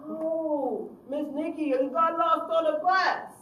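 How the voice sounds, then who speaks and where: A woman voicing a fibbing teenage boy who pleads loudly and wheedles, heard from a distance in an echoey room. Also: sits high, fairly even intonation, slow, pitched above the performer's own voice. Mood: pleading.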